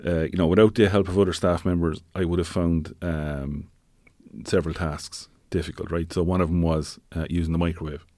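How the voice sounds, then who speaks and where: A man's voice: sits low, steady tone, fairly quick, warm tone, dry recording. A man co-hosting a casual chat show, talking conversationally with wry asides and plenty of fillers. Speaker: podcast co-host.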